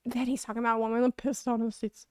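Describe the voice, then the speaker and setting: A woman streamer telling a story casually on a stream into a close mic, animated, laughing often and acting out the quotes. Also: a little high, racing, clear, resonant tone, no room sound.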